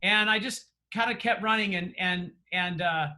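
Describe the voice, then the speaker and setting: A man's voice: high-pitched, moderate pace, pushed and bright. A man giving earnest, encouraging closing remarks as a real estate trainer over a video call, with frequent fillers and restarts.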